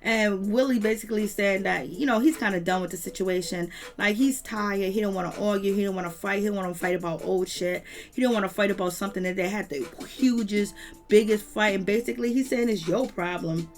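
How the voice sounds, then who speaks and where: Woman doing a casual tv recap vlog, mid-pitched, slangy and emphatic. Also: steady tone, brisk, soft background music. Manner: slangy, emphatic, repetitive lists; retells scenes with quoted voices. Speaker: reality TV recap commentator.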